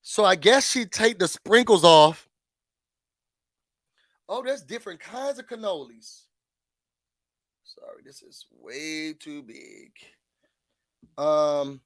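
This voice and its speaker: A man hosting a casual reality-show recap, chatty and animated, laughing and throwing in dramatic asides. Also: sits high, no echo. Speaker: YouTube host.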